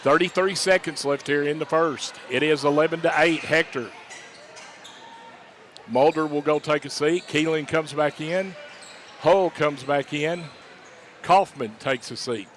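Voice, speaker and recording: Man, basketball play-by-play, rapid calls, slightly high voice, faint gym noise. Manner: rapid-fire calls, rising to shouts on big plays. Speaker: play-by-play announcer.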